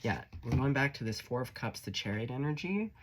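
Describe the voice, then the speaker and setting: A man's voice: mid-range voice, sing-song, brisk. A man giving a casual tarot reading, blunt and profane, playful and encouraging as he talks the listener through the cards. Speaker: tarot reader.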